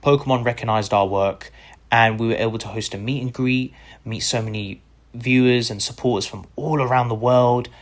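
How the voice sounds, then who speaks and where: A man from the UK is a guest on a chat show, telling the story of his career. His voice sits at an ordinary middle pitch, and he speaks with open enthusiasm and gratitude. When he quotes other people, he gives their lines a lively, animated voice. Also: moderate pace. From United Kingdom. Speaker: guest content creator. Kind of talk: casual interview storytelling.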